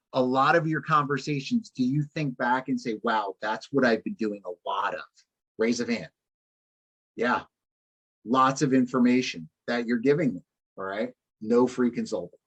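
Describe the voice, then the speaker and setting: A man's voice: medium pitch, husky, muffled recording. A man leading a live online sales training session, repeating key points emphatically and checking in with his trainees.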